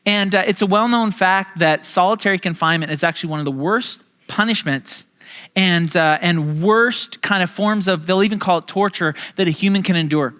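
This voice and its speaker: A man's voice: high voice, sharp tone, clean tone. A male pastor preaching a sermon in a casual, chatty storytelling way with lots of fillers and restarts.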